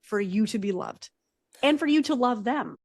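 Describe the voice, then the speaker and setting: A woman's voice: fairly high pitch, animated, moderate pace, a little mellow, dry recording. A woman psychotherapist talking as a podcast guest, direct and emphatic, often checking in with "right?". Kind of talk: podcast conversation.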